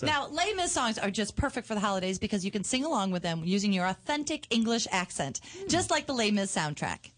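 A woman's voice: medium pitch, big pitch swings, a little fast, hardly any pauses. A woman co-hosting a comedy movie talk show, throwing in playful quips. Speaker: show co-host.

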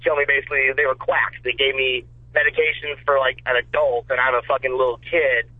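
A man calling in to a talk show, telling a story in a loose, swearing, animated way. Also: medium pitch, a little fast, dry recording. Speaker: caller. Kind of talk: casual call-in story. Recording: tinny phone line.

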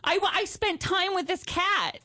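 A woman co-hosting a radio show, telling a story in casual chat with lively, animated delivery and squeaky put-on voices. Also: measured pace, dry recording, studio quality.

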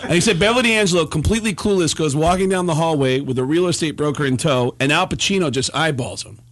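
A man, a comedian guest, telling a story in animated bursts, stammering and laughing as he goes. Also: fairly high pitch, fast talker. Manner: animated, stammering restarts, laughs through lines. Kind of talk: comic storytelling.

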